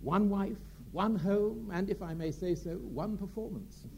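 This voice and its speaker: A man's voice: sits high, unhurried, creaky, dark tone, muffled recording, a little hiss or hum, voice pushed up. A man voicing a suave actor who gushes confidingly with a barbed edge. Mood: gushing. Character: suave middle-aged male actor, gushing and barbed.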